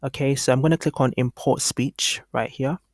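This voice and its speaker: A man in the middle of his range, explaining a video tool step by step as he clicks through it. He talks casually and thinks out loud, with plenty of ums and restarts. The sound is dry and close, with no room around it. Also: mid-range voice, fairly even intonation, moderate pace, no echo. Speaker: online course instructor. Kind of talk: screen-recorded tutorial walkthrough.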